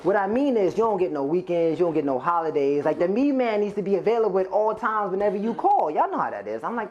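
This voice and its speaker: A man's voice: high voice, big pitch swings, quick pace, few pauses, darkish tone, highs cut off, a little hiss or hum. A man doing a stand-up comedy set, rambling, profane and conversational as he talks straight to the crowd on stage. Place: stage before a live audience.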